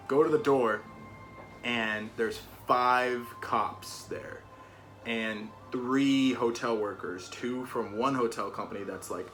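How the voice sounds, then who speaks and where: A young man vlogging to camera from a rented room, telling a story casually and acting out his own panicked lines. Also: medium pitch. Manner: animated, acts out his own panicked quotes.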